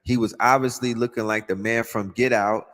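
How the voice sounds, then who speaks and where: A man hosting a podcast, giving animated, profane commentary in street slang. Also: mid-range voice, moderate pace, in a large hall. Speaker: podcast host. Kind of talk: casual conspiracy commentary.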